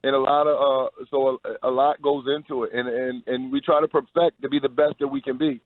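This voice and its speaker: A man's voice: mid-range voice, little pitch movement, a little fast, dry recording. Man, upbeat guest, phone-line sound, dry. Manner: upbeat, promotional, with repeated restarts. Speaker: Harlem Globetrotters player, guest. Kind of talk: phone-in radio interview.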